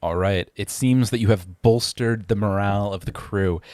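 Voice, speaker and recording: A man narrating as game master of a tabletop game, pausing often with fillers and restarting his sentences. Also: on the low side, a little mellow, dry recording, studio quality. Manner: hesitant, many fillers and restarts.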